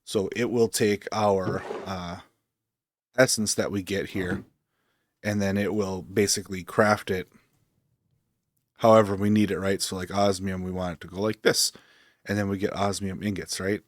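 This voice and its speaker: A man's voice: deep voice, flat delivery, normal speed, long pauses, no room sound, studio quality. A man streaming a game, talking casually and rambling as he thinks aloud with lots of fillers. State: hiccups. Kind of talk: casual gameplay commentary.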